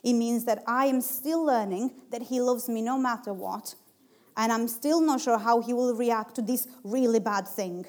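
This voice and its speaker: A young woman with a slightly high voice giving a devotional talk. She speaks in a chatty, self-deprecating way and often laughs at herself. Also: moderate pace. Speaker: preacher.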